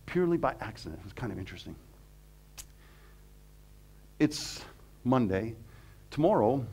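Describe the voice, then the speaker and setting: A middle-aged man from Canada, a professor giving a humorous, animated seminar talk that mixes jokes into the teaching. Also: mid-range voice. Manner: animated, joking, acts out quotes. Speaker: guest speaker, professor.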